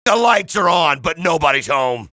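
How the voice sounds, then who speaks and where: A man calling wrestling moves in excitable, exclamatory bursts, recorded as scripted lines for a video game in a studio. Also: a little high, moderate pace, no echo. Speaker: wrestling commentator.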